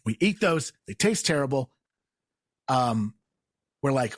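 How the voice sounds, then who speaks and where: A man's voice: medium pitch, slow, no room sound, studio quality. A man telling a funny story in a casual chat, acting out what people said with raised voices and laughing as he goes. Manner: animated, acts out quotes in raised voices, laughs while telling. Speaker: guest storyteller.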